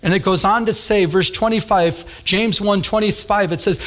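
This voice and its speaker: A man preaching a sermon, telling a childhood story in an animated way and acting out the voices. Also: high-pitched, normal speed, few pauses. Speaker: pastor.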